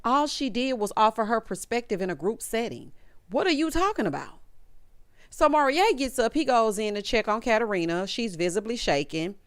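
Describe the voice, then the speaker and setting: Recorded at studio quality with no room sound, this woman's slightly high voice moves at a moderate pace with lively intonation. Hosting a reality TV recap, she talks casually and sassily, bluntly scolding the cast while addressing listeners as honey and baby.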